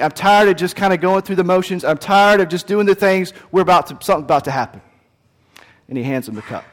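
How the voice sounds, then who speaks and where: A man delivers a sermon with a slightly high voice, acting out the characters in the story. The sound carries a long hall reverb. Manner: animated storytelling with acted voices. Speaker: pastor.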